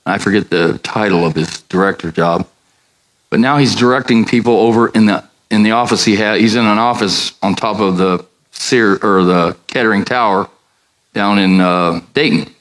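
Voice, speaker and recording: An older man preaching as a pastor, telling a story and acting out the dialogue with sudden high jumps in his voice. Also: normal speed, poor audio. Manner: animated, acts out dialogue with big pitch jumps. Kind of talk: sermon storytelling.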